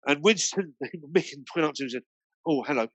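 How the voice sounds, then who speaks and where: A man's voice: a little high, a little fast, a bit bright, no room sound. A man from Britain, a guest DJ, telling anecdotes in a rambling way full of fillers and restarts. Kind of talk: anecdotal storytelling in a conversation.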